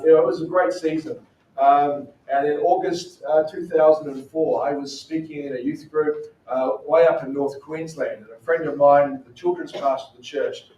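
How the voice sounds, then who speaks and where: A man's voice: on the high side, darkish tone, highs cut off. A man with an Australian accent, a missionary speaking to a church group in a chatty, storytelling way full of fillers. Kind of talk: casual talk to a church group. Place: church hall. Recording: roomy echo from a distant mic.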